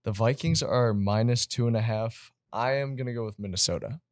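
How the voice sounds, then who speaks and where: A young man hosting a casual sports podcast, upbeat and quick to laugh. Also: medium pitch, dry recording, studio quality. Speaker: podcast host.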